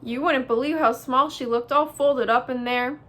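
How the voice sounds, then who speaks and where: A woman voicing a chatty, friendly female otter in a storybook reading, telling things in a lively way. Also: high-pitched, moderate pace.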